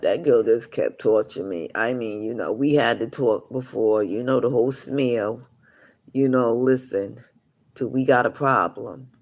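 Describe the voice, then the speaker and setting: A man's voice: mid-range voice, darkish tone. A man telling long, rambling stories on a live stream, full of "you know" asides. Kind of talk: casual rambling storytelling.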